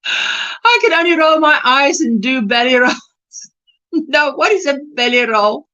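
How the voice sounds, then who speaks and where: A woman's voice: high voice, animated, takes it slowly, pauses often, bright, forceful tone, muffled recording. A South African woman hosting a casual crochet livestream, chatting and laughing as she reads out viewer comments.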